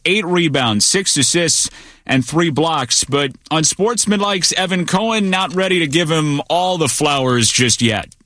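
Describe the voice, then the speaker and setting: A man anchors a sports radio news roundup, reading from a script with a brisk, numbers-heavy delivery. His voice sits a little high and sounds bright and forward. The sound is dry and close, with almost no room around it. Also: no echo.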